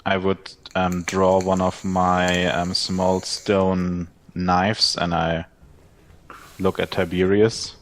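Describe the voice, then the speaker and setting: A man's voice: deep voice, little pitch movement, slow pace. A man playing a tabletop game, asking plain questions. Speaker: player. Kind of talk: casual tabletop play.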